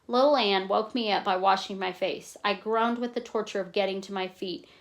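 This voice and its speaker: A woman reading a novel aloud in a plain, steady way, stopping now and then to explain in casual asides. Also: mid-range voice, moderate pace. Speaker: reader.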